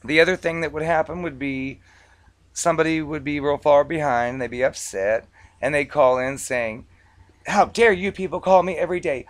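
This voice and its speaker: A man telling stories to camera in a casual, conversational vlog monologue, relaxed and dotted with filler words. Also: mid-range voice. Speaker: vlogger recounting past collections work.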